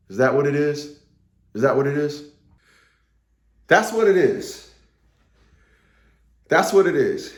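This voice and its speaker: A fairly high-pitched man rants casually about politics in an echoey room. As a commentator, he rambles, goes back over the same words and swears freely.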